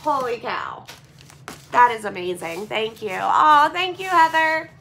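A woman vlogger opening donation boxes and chatting to her viewers in a gushing, excitable way. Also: a little high, unhurried, gravelly, slight background noise. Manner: gushing and excitable, repeats "oh my gosh" and "holy cow". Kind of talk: casual chat to viewers.

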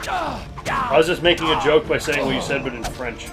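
A man's voice: a little high, big pitch swings, moderate pace. A young man making wry, sarcastic jokes as he co-hosts a let's play in casual gaming commentary. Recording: game music playing underneath.

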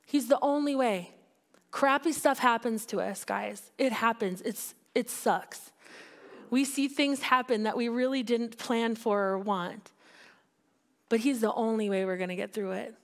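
A woman's voice: a little high, a little slow. A woman pastor preaching a sermon in a candid, conversational way, building to emphatic peaks. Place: church sanctuary.

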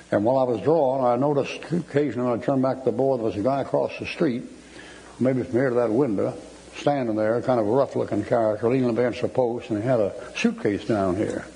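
A man's voice: mid-range voice, gravelly, mellow, low-quality recording. An older man with a Southern US accent preaching a Bible study in a folksy way, stressing the scripture he quotes. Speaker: Baptist preacher.

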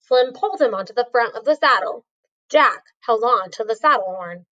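A woman's voice: on the high side, lively intonation, normal speed, sharp tone, highs cut off. A woman reading a storybook aloud, carefully, with a few small slips. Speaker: reader.

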